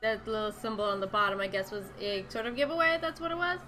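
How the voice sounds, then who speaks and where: A woman host giving animated, playful let's play commentary, chatting to the game's characters. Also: mid-range voice, quick pace, faint music behind. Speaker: gaming channel host.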